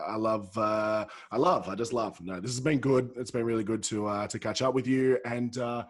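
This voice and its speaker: A man with an Australian accent hosting a podcast, effusive and quick to laugh, often repeating himself as he talks. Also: mid-range voice. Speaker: podcast host. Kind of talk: casual interview chat.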